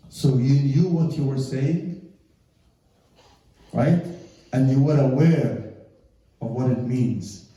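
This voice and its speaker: A man's voice: medium pitch, unhurried, long pauses, warm tone. A man giving a humorous religious lecture who acts out the dialogues in his stories. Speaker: Islamic lecturer. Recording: roomy hall, mic far off.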